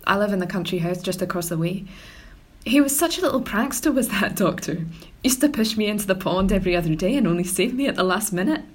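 A woman's voice: medium pitch, animated, fast talker, natural voice. A woman voicing an elderly, fussy, doting Scottish lady in a comedy audio drama, with a Scottish accent. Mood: soothing. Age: older.

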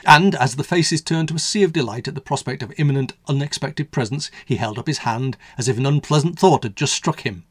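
Male radio storyteller, husky, wry, dry studio read. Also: mid-range voice, a little fast, hardly any pauses, dry recording. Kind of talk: storybook narration.

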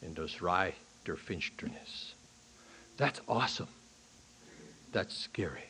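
Man preaching a sermon, swinging loud to hushed. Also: lively intonation, slow, slight background noise. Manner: preaches in bursts, rising loud and high on key points, then dropping low and quiet; asks the congregation questions. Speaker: pastor. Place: church. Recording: archival sermon recording.

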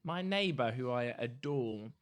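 A man's voice: mid-range voice, animated, unhurried. A man co-hosting a casual podcast, telling a story in a camp, gossipy way with lots of laughter. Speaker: podcast co-host. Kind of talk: casual chat.

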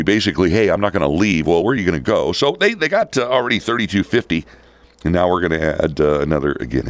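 A middle-aged man talks through local civic news with a wry, rambling manner, full of fillers and asides. His voice sits very low but swings widely in pitch. The sound is dry and close, with no room around it. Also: vocal fry, no room sound. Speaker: local radio show host. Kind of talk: casual talk-show commentary.

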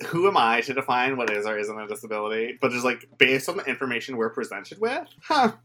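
A man's voice: medium pitch, big pitch swings, fast, bright, forceful tone, a little hiss or hum. A man co-hosting a podcast, chatting casually and laughing between profane remarks. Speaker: podcast co-host. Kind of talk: casual chat recapping a reality show.

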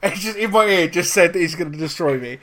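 A young man hosting a podcast, telling a story in casual chat, with lively swearing and acted-out quotes. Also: sits high, quick pace. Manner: animated, swearing, acts out quotes. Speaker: podcast host.

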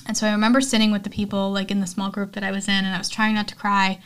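A young woman hosts a casual film recap podcast at a medium pitch. She talks in a chatty, candid way and fills her sentences with "um" and "like". Her tone is heartfelt. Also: flat delivery, racing, clean tone. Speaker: podcast host.

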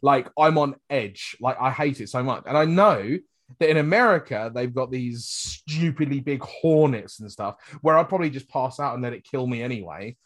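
A man's voice: medium pitch, moderate pace, fairly bright tone, no echo, clean studio sound. A man, co-hosting a casual podcast, chatty and laughing often.

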